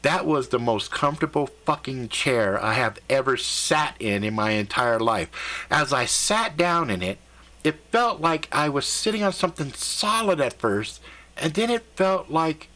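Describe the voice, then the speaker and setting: A man telling a first-person story in a conversational, animated and slightly profane way. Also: on the high side, unhurried.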